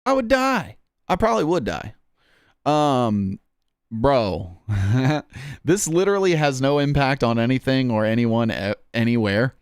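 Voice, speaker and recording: A man's voice: mid-range voice, clean tone, no echo, clean studio sound. A man chatting casually on a stream, rambling and swearing in a jokey, offhand way. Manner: rambling, profane, jokey, says "bro".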